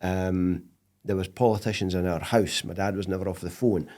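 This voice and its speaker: A middle-aged man with a Scottish accent, a podcast guest telling stories in casual interview chat, animated and laughing often. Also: sits low, moderate pace.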